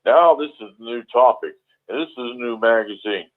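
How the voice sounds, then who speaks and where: A man's voice: medium pitch, brisk. A man in a casual group discussion, speaking in a wry, teasing way. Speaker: panelist. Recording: tinny phone-like line.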